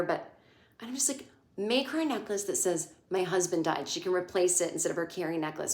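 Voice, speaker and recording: A woman comedian in her forties giving a casual, sarcastic TV recap, swearing and acting out quotes in shrill voices. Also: brisk. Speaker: comedian podcast host. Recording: echoey room.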